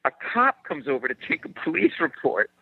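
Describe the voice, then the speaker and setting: A man, a comedian guest, telling comic stories in an animated way and acting out the people in them. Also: a little high, a little fast, gravelly, breathy edge, phone-quality sound. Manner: animated storyteller, acts out quotes, laughs often. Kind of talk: comic storytelling.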